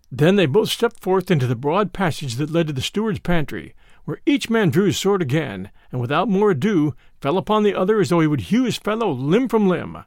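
A man narrating an old adventure tale as a storybook reading, in a lively, old-fashioned storytelling manner. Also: on the high side, brisk, hardly any pauses, dry recording, clean studio sound.

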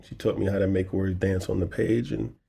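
Husky-voiced man telling a story. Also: low voice, a little fast. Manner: animated storyteller acting out quotes, softening in sad moments. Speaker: guest author and poet. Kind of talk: storytelling in a podcast interview.

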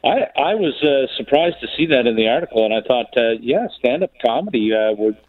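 A Canadian man, actor and comedian, spinning a story as a radio guest. His pitch swings widely as he talks, and the sound is slightly muffled and dry. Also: fairly quick, no room sound. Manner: animated storyteller. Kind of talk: casual radio chat.

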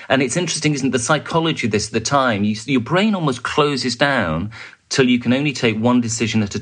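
Lower-voiced man telling a war story. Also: fairly bright tone. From United Kingdom. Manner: vivid, halting storytelling with fillers and restarts. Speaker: journalist guest. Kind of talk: recounting a war story in an interview.

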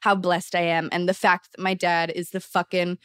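A woman's voice: on the low side, normal speed, clean tone, dry recording, clean studio sound. Chatty young woman telling a story. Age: 20s. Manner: animated storytelling, heavy "like", swears freely. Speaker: podcast guest. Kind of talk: casual chat.

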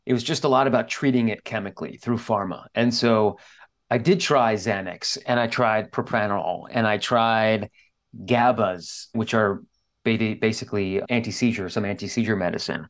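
A man's voice: on the low side, moderate pace. A man speaking as an interview guest, telling a candid personal story in an earnest, openly emotional way. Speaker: guest author.

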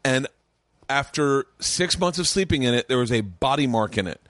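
A man hosting his own comedy podcast, talking loosely and fast, swearing often and rambling with excitement. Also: mid-range voice, dry recording, studio quality. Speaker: podcast host and stand-up comic. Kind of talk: casual podcast chat. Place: home studio room.

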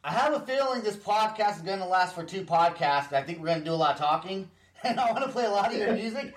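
A man hosting a podcast interview, excitable and rambling, laughing often as he talks. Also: high-pitched, quick pace. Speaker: podcast host. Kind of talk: casual interview chat. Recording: roomy echo.

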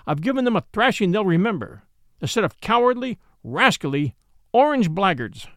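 An indignant boy, heated and protective of his little sister, as a man reads him. The voice sits high and animated in a storybook reading. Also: normal speed, dry recording, clean studio sound. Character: angry boy, protective older brother.

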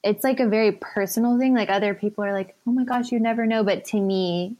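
Woman, 30s, podcast guest, chatty, filler-heavy personal storytelling, mid pitch. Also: fairly even intonation, fast talker, dark tone, muffled recording. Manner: chatty, many "like" fillers, laughs often.

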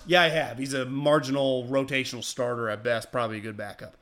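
A man hosting a casual sports talk show, talking in an animated way and breaking into loud, excited bursts. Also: mid-range voice, fast talker, few pauses. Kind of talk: casual sports radio chat.

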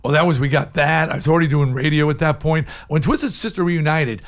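The interview guest is a man in his sixties whose creaky voice moves fairly quickly. He relates his story with candor and animation, going from loud, insistent bursts down to murmured asides.

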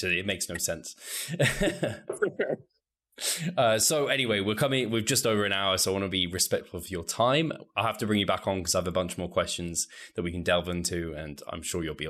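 A man's voice: low voice, fairly bright tone. A British man hosting a podcast interview, easygoing and agreeable, laughing often. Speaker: podcast host. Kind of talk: casual interview conversation.

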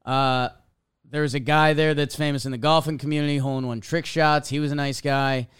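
A man's voice: fairly high pitch, a little fast, clear, resonant tone. A young man telling a casual story as a podcast host, acting out little quotes as he goes. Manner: animated storytelling, acts out quotes.

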